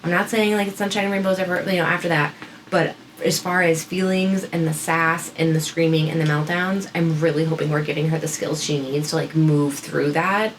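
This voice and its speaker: A woman's voice: deep voice, fairly even intonation, brisk, poor audio. A woman in her thirties co-hosting a parenting podcast, talking casually and telling stories about her kids. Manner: chatty, storytelling with quoted voices. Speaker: podcast co-host. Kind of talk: casual chat. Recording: faint background noise.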